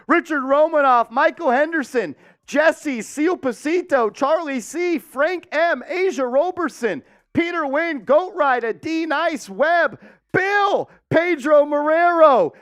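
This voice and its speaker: A man hosting a casual live-stream sports show, talking warmly and giving viewers shout-outs. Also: very high voice, no echo, studio quality.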